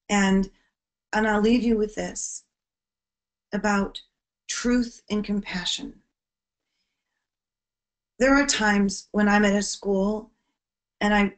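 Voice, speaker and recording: A woman presenting to teachers on bullying prevention, her voice sitting at an ordinary middle pitch. She talks earnestly and from the heart. On the heaviest points her voice falls soft and low.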